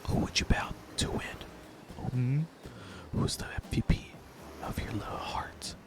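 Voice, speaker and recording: A man voicing a shy young woman who whispers secrets in a breathy, unvoiced whisper, as whispered role-play. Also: unhurried, natural voice. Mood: teasing.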